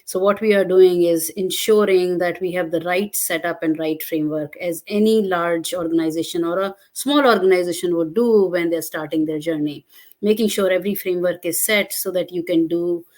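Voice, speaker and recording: A woman interview guest who speaks earnestly and explains things at length, often pausing on filler sounds. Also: lowish voice, darkish tone. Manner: earnest, explanatory, with frequent hesitations. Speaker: guest, digital transformation leader. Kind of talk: conversational interview.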